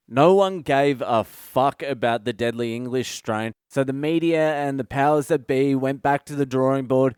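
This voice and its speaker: A man's voice: mid-range voice, moderate pace, few pauses, darkish tone, clear, resonant tone, no room sound, studio quality. Swearing man in a sardonic rant. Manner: profane, ranting, sardonic. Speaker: comedian podcast host. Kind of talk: solo comedic monologue.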